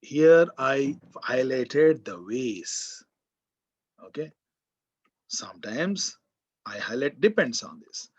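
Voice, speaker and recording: A man's voice: mid-range voice, expressive, slow, pauses often. A man with an Indian English accent giving a college grammar lecture, repeating key words and quizzing the class. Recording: dull, muffled lo-fi sound.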